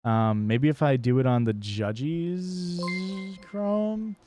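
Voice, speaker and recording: A man's voice: medium pitch, lively intonation, takes it slowly, mellow, soft background music. Joking, foul-mouthed man streaming a game. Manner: hyped, joking, swears a lot at chat. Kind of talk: casual live-stream chat over gameplay.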